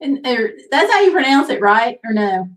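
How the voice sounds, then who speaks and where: Woman, livestream host, chatty, reading comments, higher pitch, a little distant from mic. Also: very animated, moderate pace. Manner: chatty, easygoing, reads comments aloud. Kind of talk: casual livestream chat reading viewer comments. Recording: voice picked up from a distance.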